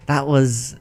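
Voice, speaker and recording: A man streaming a video game who rambles, repeats himself and laughs a lot, sounding tired as his voice wears out. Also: medium pitch. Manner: rambling, stammering, laughing often. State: tired, voice going. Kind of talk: casual gaming livestream chat.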